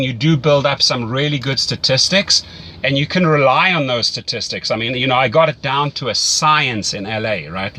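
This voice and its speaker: A man's voice: on the high side, pushed and bright. A man with a South African accent mentoring a rideshare driver in casual, enthusiastic chat, often repeating words as he thinks.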